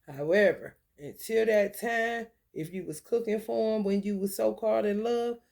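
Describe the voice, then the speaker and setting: Gravelly woman, blunt and profane. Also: medium pitch, normal speed. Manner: blunt, profane, animated when telling stories. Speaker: tarot reader. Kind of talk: casual storytelling and tarot reading.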